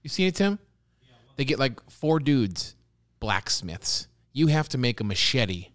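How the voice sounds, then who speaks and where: A man co-hosting a podcast, telling stories in an animated, jokey way. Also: mid-range voice, a little slow. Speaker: podcast co-host. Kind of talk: casual chat.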